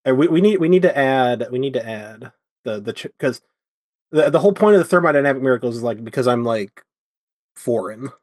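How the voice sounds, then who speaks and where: A man's voice: mid-range voice, expressive, a little fast, no echo, studio quality. A man playing in a tabletop role-playing game, playful, often stammering and restarting his sentences. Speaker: player. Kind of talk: casual tabletop role-play chat.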